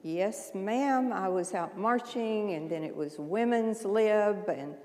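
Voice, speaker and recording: An older woman minister delivering a folksy, conversational sermon, often clearing her throat. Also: mid-range voice, slow pace, a little mellow, big-room sound. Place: church sanctuary.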